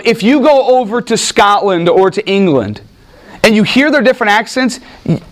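A man preaching a Bible study in an animated, joking way, asking his listeners questions. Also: high-pitched. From United States. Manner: animated, jokey asides, asks the room questions. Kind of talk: teaching sermon with audience questions.

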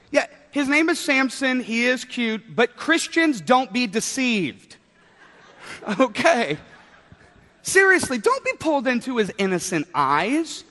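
A man's voice: very high voice, big pitch swings, takes it slowly, pauses often, sharp tone. A man in his thirties preaching a sermon, telling a story with playful asides. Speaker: pastor. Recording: long hall reverb.

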